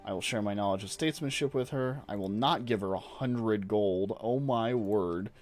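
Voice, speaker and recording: A man's voice: lowish voice, moderate pace, faint music behind. A man streaming a strategy game, chatting casually and reading game text aloud as he plays. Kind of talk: casual gameplay commentary.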